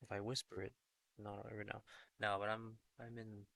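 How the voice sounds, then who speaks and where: Low, gravelly man talking hushed. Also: flat delivery, a little fast, dry recording. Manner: low, half-whispered talk, chatting with viewers. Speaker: fantasy football streamer. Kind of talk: casual live-stream chat. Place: indoor hallway.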